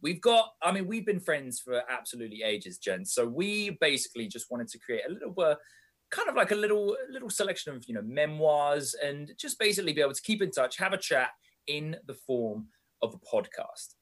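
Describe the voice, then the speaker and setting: A young man, co-hosting a casual podcast chat with a friend in an animated, chatty way. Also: fairly high pitch, fairly quick. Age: young adult. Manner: animated, chatty British slang. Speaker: podcast co-host.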